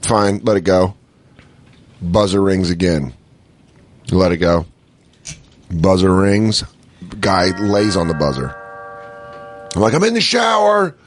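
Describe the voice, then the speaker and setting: A man's voice: low voice, takes it slowly, pauses often. A podcast co-host telling a story in a casual chat, acting out his own angry outbursts and swearing a lot.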